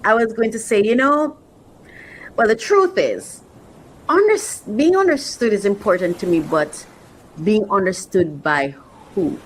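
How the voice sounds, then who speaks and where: A woman's voice: mid-range voice, expressive, measured pace, low-quality recording. A woman host speaking earnestly in a reflective faith-based monologue, repeating phrases for emphasis. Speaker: host reacting to clips.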